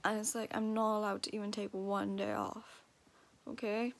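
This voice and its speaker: A woman's voice: mid-range voice, flat delivery, moderate pace. An eighteen-year-old woman venting in a casual vlog, swearing and ranting with frustration. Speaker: vlogger.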